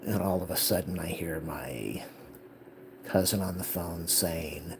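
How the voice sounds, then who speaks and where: A vlogger shares a personal life update, emotionally and heatedly retelling a family conflict while quoting the people involved. His deep voice has vocal fry and a moderate pace, captured in a rough recording with a little hiss or hum.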